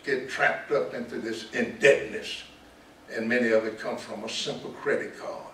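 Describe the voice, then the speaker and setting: An older man with a Southern US accent, a pastor speaking to students in a preaching style, repeating key words and slowing down for stress. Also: medium pitch, fairly even intonation, pushed and bright. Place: large auditorium. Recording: echoey hall, distant mic, light noise.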